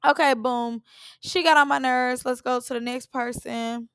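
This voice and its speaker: A woman's voice: high voice, steady tone, normal speed, fairly bright tone, smooth, no room sound. A woman, giving a sassy, opinionated recap of a reality show in a casual, blunt way.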